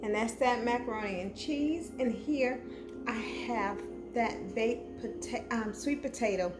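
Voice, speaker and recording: A woman's voice: on the high side, unhurried, music in the background. A woman casually chatting to her viewers in a cooking vlog, affectionate and chatty, calling them hunty. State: talking with food in her mouth. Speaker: cooking vlogger. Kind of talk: casual chat to camera. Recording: echoey room with faint noise.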